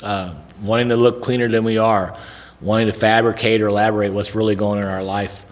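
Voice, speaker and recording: A man's voice: fairly low pitch, little pitch movement, brisk. A middle-aged man telling a rambling, folksy recovery story to a room at a recovery event. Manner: folksy, rambling, conversational, drops in "man" and "right?". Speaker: recovery speaker. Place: large hall at a recovery event. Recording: long reverb of a big hall.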